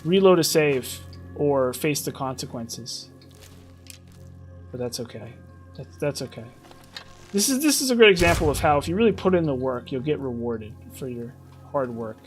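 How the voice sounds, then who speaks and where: A man's voice: medium pitch, sing-song, brisk, faint music behind. Rambling man streaming a game. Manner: rambling, many restarts and repeats. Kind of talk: casual gameplay commentary.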